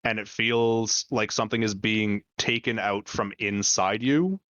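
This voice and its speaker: A man narrating as dungeon master of a tabletop game, descriptive and halting, with many fillers. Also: on the low side, fairly bright tone, no room sound, lo-fi sound.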